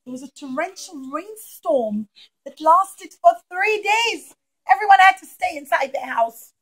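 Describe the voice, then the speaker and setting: High-voiced woman telling a children's story. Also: unhurried, poor audio. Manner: animated, acts out characters with gasps and whispers. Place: classroom with children.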